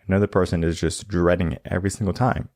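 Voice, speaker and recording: A man's voice: sits low, flat delivery, fast talker, darkish tone, dry recording, clean studio sound. A man hosting a coaching podcast, talking casually and often checking in with "right?". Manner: conversational, often tags lines with "right?".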